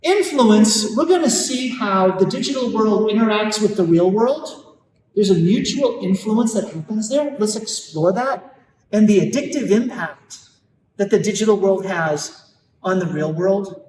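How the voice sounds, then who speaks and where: A man giving an earnest live talk to parents, emphatic and slowing down hard on key points. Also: sits high, a little mellow, slight background noise. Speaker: Catholic speaker on parenting. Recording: echoey hall, mic at a distance.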